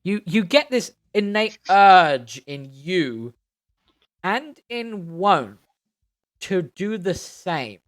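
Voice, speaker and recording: A man narrating a tabletop game as game master, with a fairly high voice. He describes scenes in long, searching phrases. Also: very animated, extremely slow, fairly bright tone.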